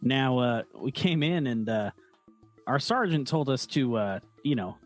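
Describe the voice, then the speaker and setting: A man's voice: medium pitch, expressive, unhurried, faint music behind, close to an everyday voice. A man playing a plain-spoken army private, talking in a folksy, rambling drawl full of fillers.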